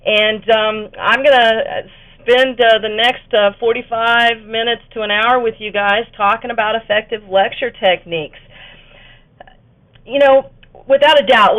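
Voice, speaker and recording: A woman leads an instructional webinar for educators, speaking in a relaxed conversational way with fillers and quick self-corrections. Her voice sits at a middle pitch. The audio is thin and narrow, like a phone line.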